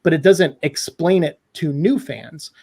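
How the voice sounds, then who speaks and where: Man guest ranting critically in a casual chat, voice a bit high for a man. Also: measured pace, gravelly, husky. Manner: animated, opinionated, critical. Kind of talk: casual podcast discussion.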